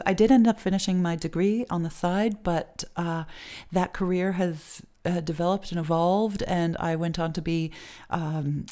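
A woman's voice: lowish voice, dark tone. A middle-aged woman telling stories as an interview guest, chatty, with many fillers and laughs. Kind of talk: casual interview storytelling.

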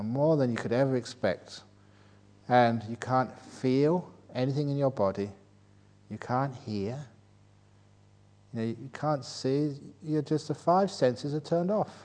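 An older man, a Buddhist monk, giving a dharma talk at a retreat, telling anecdotes, chuckling at his own jokes and rising into animated rhetorical questions. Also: medium pitch.

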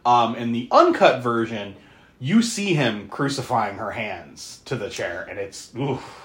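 Animated, swearing podcast host in an echoey room. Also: unhurried. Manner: animated, profane, laughing, with sudden pitch jumps. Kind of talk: casual movie recap chat. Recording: roomy echo.

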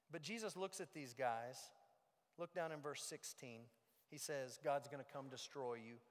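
A man preaching a sermon as pastor, moving between loud emphasis and hushed low lines. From United States. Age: young adult or middle-aged. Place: church sanctuary. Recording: long reverb of a large hall.

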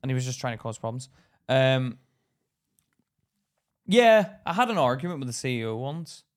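A man in his thirties co-hosting a casual podcast chat, an animated storyteller who acts out heated quotes loudly. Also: medium pitch, moderate pace. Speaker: podcast co-host.

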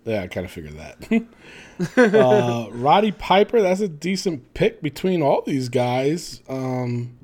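A man of medium pitch whose voice rises and falls a lot as he chats. He rambles through his thoughts with plenty of fillers and casual cursing. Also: sing-song, slow, darkish tone. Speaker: podcast co-host. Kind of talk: casual wrestling chat.

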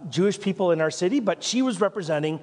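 A Canadian pastor preaches in a rambling, anecdotal way, breaking off into asides and light jokes. His voice sits fairly high for a man. The sermon is recorded with a long reverb trailing in a church hall. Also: animated, fast talker, a little mellow. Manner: rambling, self-interrupting storytelling with asides and jokes.

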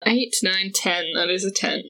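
A woman's voice: mid-range voice, a little slow, background noise. A woman playing a tabletop game, thoughtfully narrating her character's actions. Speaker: player. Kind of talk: tabletop role-play.

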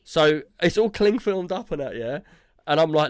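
A man spins a long, rambling anecdote for his podcast co-hosts, peppering it with "yeah?" and "like". His voice sits a touch high for a man. The sound is dry and close, with no room around it. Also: lively intonation, moderate pace, dry recording. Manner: rambling, tags lines with "yeah?" and "like". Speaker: podcast co-host. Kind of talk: casual storytelling chat.

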